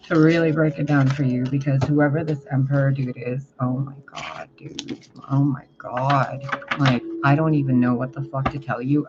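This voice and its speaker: Gravelly, profane tarot reader man. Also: mid-range voice. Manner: blunt, profane, exasperated, rambling. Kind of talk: casual tarot reading. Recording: muffled, with music behind. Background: music.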